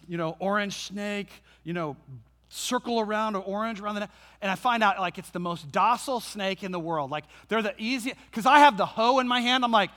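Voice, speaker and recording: Man, pastor, animated humorous sermon, forceful tone, long hall reverb. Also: sits high, fast. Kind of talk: sermon with storytelling.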